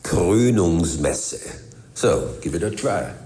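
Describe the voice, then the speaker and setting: A man with a German accent, slowly and carefully coaching how to say a word. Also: deep voice, a little mellow. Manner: slow, careful pronunciation coaching. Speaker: listener sending a recorded clip.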